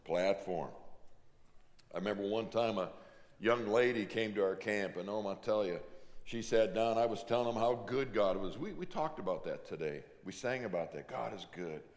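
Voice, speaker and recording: A man's voice: on the low side, expressive, moderate pace, darkish tone. A middle-aged male pastor preaching a sermon in a church, telling stories in a conversational way and acting out the voices of the people in them. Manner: conversational storytelling, acts out quoted voices. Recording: long hall reverb.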